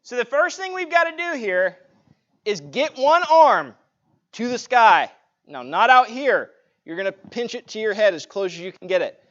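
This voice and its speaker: Guy with a high voice teaching martial arts over a dull lo-fi livestream, keeps saying right?. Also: very animated, moderate pace, fairly bright tone. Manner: casual demonstrating, frequent "right?" checks. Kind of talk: live-streamed self-defense class. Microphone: clip-on mic, sometimes knocked off.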